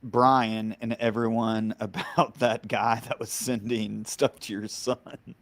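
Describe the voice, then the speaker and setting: A man hosting a live interview, asking questions in an unhurried way. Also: lowish voice, flat delivery. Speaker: host.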